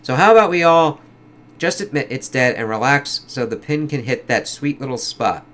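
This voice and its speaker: A man's voice: mid-range voice, animated, normal speed, fairly bright tone, voice pushed up, lightly acted. A man reading aloud the speech of a nihilistic male party instigator, in his plain voice. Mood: taunting.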